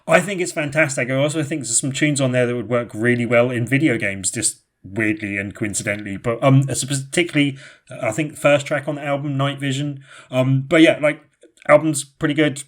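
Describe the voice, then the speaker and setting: A man's voice: medium pitch, steady tone, brisk. Casual British male co-host. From United Kingdom. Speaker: podcast co-host. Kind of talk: casual chat.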